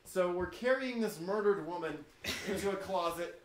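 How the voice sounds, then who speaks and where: A teenage man in casual chat, telling stories in an animated way and laughing often. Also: high-pitched, normal speed. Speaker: co-host.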